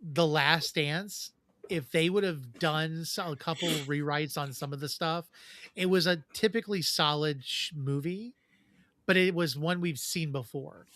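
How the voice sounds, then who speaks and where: A man's voice: on the high side, unhurried, fairly bright tone. A man co-hosting a casual fan podcast, explaining trivia at length with frequent restarts. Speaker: podcast co-host.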